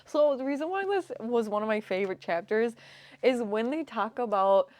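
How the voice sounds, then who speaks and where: Female co-host, bright and high, exclamatory book-club chat, recorded dry and close. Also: animated, moderate pace, no echo. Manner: laughing, exclamatory. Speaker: podcast co-host.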